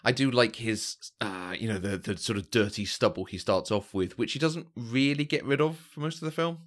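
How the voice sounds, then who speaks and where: A man's voice: mid-range voice, normal speed. A man, co-hosting a casual film discussion, who often stops and repeats words as he starts a thought. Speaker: podcast co-host.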